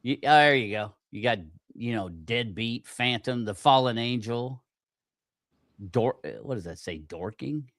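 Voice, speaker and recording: Cursing, easily riled podcast host. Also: male voice, medium pitch, animated, a little slow, a bit bright, no room sound, studio quality. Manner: profane, easily aggravated, self-mocking. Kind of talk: casual livestream chat.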